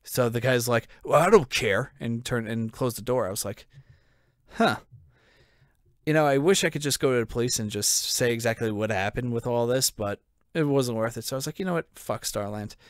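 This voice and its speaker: A man's voice: mid-range voice, fast, clear, resonant tone, no echo, studio quality. A man co-hosting a podcast, casually telling a long rambling story, swearing and acting out what people said. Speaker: podcast co-host. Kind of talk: casual chat.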